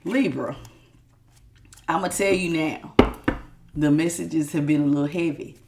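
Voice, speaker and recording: A woman's voice: low-pitched, measured pace, a little mellow, a little hiss or hum. A woman from the South, doing a chatty tarot reading while sick with a sore throat. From Southern United States. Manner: chatty, folksy, calls listeners y'all and baby. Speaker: tarot reader. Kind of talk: casual spiritual reading.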